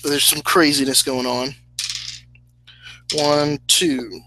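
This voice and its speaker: A man narrating as game master of a tabletop game, speaking slowly with hesitant fillers and laughing at his own slips. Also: fairly high pitch, little pitch movement, noisy background. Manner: slow, hesitant, laughs at himself.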